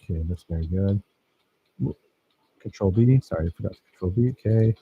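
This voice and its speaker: A man's voice: low-pitched, a little fast, gravelly, husky, narrow, tinny audio. A man teaching a filmmaking workshop, talking casually and enthusiastically over his own footage and praising his students.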